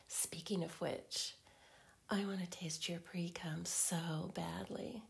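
A woman in a whispered role-play as a girlfriend, teasing in slow, breathy whispers broken by soft hums. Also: on the low side.

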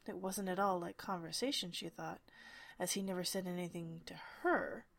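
A woman narrating a storybook in a soft, hushed whispered storytelling style. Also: on the low side, moderate pace, gravelly.

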